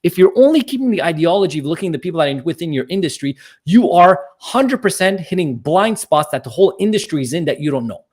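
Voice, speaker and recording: A man's voice: a little high, big pitch swings, fast, few pauses, darkish tone. A man speaking as a podcast guest, earnest and motivational, building his points with emphasis. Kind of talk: podcast interview.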